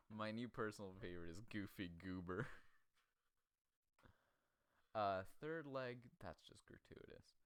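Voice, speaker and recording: Male comedy host, low pitch, dry sound; crude, rambling, quick to laugh. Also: very animated, no echo. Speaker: podcast host. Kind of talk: casual comedic chat.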